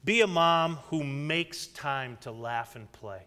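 A man's voice: a little high, expressive, takes it slowly, sharp tone, smooth. A pastor in his thirties preaching a sermon, calling out for amens from the congregation. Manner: call-and-response preaching with frequent amens. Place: church sanctuary. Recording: echoey hall reverb.

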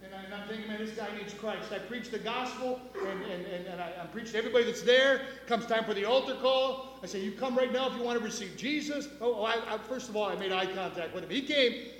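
A pastor preaching a sermon in a church, impassioned, with repetitions and restarts. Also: male voice, sits high, quick pace, a bit bright, reverberant, big-room sound. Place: church sanctuary.

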